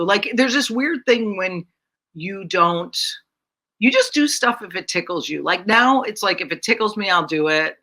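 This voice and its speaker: A woman's voice: mid-range voice, moderate pace. A middle-aged woman, a comedian, telling brash, profane stories in a casual podcast chat. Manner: brash, profane, animated storyteller.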